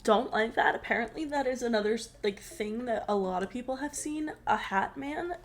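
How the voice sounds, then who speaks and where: A woman's voice: fairly high pitch, normal speed, a little hiss or hum. A woman hosting a reaction video, talking casually and bluntly, joking and swearing now and then. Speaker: host reacting to clips. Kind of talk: casual commentary.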